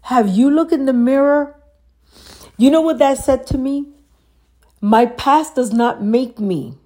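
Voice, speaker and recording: A woman's voice: high-pitched, takes it slowly, dark tone. A woman giving an earnest motivational talk, asking the listener pointed questions. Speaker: motivational speaker.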